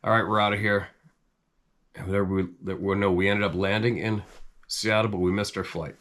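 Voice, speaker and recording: Middle-aged guy from canada, kinda low voice, stuffed up with a cold, rambling and chuckling, talking to camera. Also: moderate pace. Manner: rambling and animated, chuckles often, voice jumps up when quoting himself. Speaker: hunting channel host. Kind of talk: casual chat to camera.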